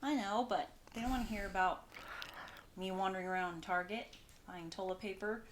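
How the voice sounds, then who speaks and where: A woman's voice: medium pitch, steady tone, normal speed, crowd noise. A young woman co-hosting a podcast, chatting casually and laughing easily. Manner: giggly, easygoing. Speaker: podcast co-host. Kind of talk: casual chat.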